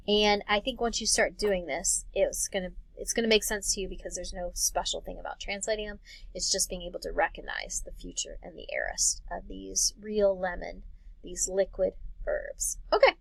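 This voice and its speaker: A woman's voice: mid-range voice, creaky, fairly bright tone, no echo, poor audio. A woman teacher giving a recorded class lecture in a friendly, encouraging, conversational way. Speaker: Greek teacher.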